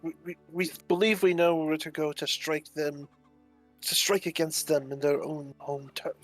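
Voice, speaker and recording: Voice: medium pitch, level tone, moderate pace, faint music behind. A player speaking earnestly in character during a tabletop game.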